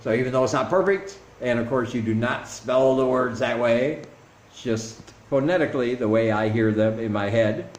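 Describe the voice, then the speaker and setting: A man vlogging casually, teaching travel phrases slowly and deliberately, repeating each one several times. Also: medium pitch. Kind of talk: casual instructional vlog. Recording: echoey room with faint traffic noise.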